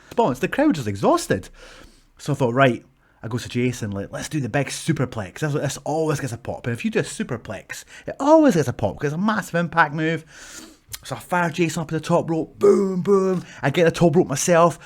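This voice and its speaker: A Scottish man, a pro wrestler in his thirties, casually telling stories to camera, animated and swearing freely. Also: fairly high pitch. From Scotland. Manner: animated, swears freely, acts out shouts from the ring.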